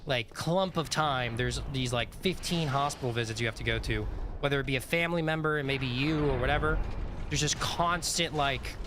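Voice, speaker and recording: Man, game streamer, casual rambling talk, clear background game noise. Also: mid-range voice. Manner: rambling, chatty, lots of fillers. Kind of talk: casual live-stream commentary.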